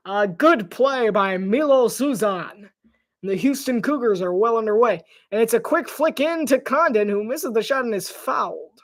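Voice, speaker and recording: A man calls a basketball game by himself as an amateur play-by-play commentator, his voice sitting high at a normal speed. On big plays it jumps with excitement, and he sometimes stumbles over players' names.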